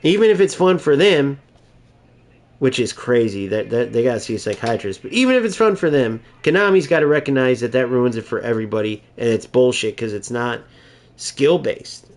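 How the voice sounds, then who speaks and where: A man's voice: medium pitch, animated, fairly quick. Exasperated man ranting about a game. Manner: exasperated, mocking rant. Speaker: gaming YouTuber. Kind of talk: ranting gameplay commentary.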